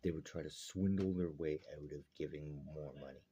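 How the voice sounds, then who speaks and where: Deep dark husky guy, blunt profane rant. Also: steady tone, normal speed, lo-fi sound. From Alberta, Canada. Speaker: vlogger. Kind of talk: angry rant to camera.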